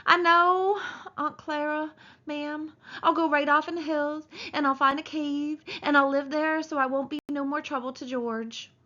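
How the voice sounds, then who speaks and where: A whiny, childlike grown man with a rural American drawl pleads in a high, strained voice, put on by a woman reading a storybook aloud. The recording is dull and lo-fi. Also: steady tone, measured pace, bright, forceful tone. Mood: miserable.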